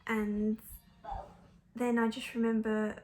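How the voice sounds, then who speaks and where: A young woman talks casually and candidly to the camera, her voice sitting a little high. She chats freely, laughs often and leans on fillers. A faint hiss runs under the recording. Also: little pitch movement, slow pace, a little mellow. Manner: chatty, frank, laughs often, many fillers. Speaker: mum vlogger.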